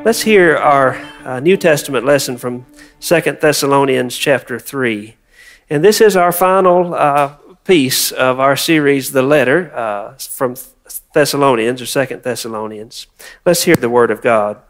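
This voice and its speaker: A man's voice: medium pitch, unhurried, faint music behind. A man preaching a sermon, reading scripture and prompting the congregation to repeat words. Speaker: pastor.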